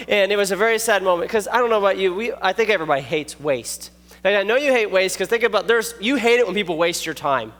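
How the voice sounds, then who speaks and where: A man preaching a youth sermon, animated and jokey, telling stories and checking in with the listeners. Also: high-pitched, quick pace. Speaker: youth pastor. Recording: long echoey hall reverb.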